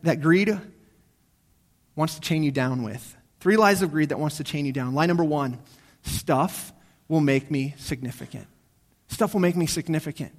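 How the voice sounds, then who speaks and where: A man with a notably high voice preaches a sermon in church. He alternates quiet, slowed-down reflection with rising, insistent calls to his listeners, hammering key words by repeating them. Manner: swings between hushed, slow reflection and raised, urgent exhortation; repeats key phrases for emphasis. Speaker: pastor.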